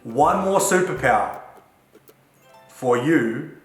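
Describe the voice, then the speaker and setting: A man talks straight to camera in a relaxed, chatty way, coaching viewers on getting along with people. His mid-pitched voice rings around an echoey room, with faint music underneath. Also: slow pace. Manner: chatty and relaxed, with Australian slang. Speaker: self-development coach. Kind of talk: casual talk to camera.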